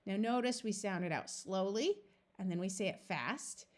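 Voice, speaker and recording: A woman's voice: medium pitch, normal speed, darkish tone. A woman reading tutor teaching a phonics lesson, patiently sounding out letters and words one by one.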